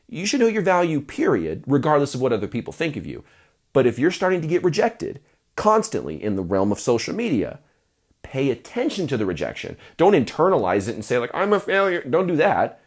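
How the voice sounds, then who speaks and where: A man's voice: medium pitch, a little mellow. A man coaching musicians on their careers in casual advice talk to camera. He jokes and acts out quoted voices.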